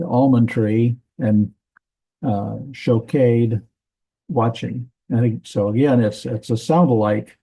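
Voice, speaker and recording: A man teaching a Bible language class in a relaxed, halting way, with many fillers and restarts. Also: medium pitch, rough recording. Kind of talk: classroom lecture.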